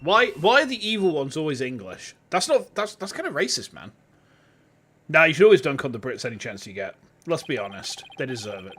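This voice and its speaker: A young man streaming as a VTuber, joking and irreverent in casual commentary, talking to his chat through a boom mic. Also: big pitch swings, fairly quick, fairly bright tone, a little hiss or hum. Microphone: boom mic on a stand.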